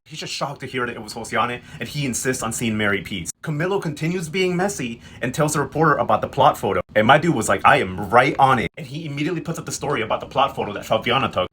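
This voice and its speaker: A man giving a sassy, slang-heavy casual recap, quickly acting out characters' lines. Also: on the high side, fairly bright tone, a little hiss or hum. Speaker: recap host. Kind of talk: casual comedic recap narration.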